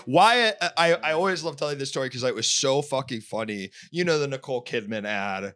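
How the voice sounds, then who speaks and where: A man's voice: medium pitch, animated, a little fast, a bit bright. A man hosting a call-in talk stream, chatting casually with lots of fillers and restarts. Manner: rambling, many fillers and restarts. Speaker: host. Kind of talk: casual chat.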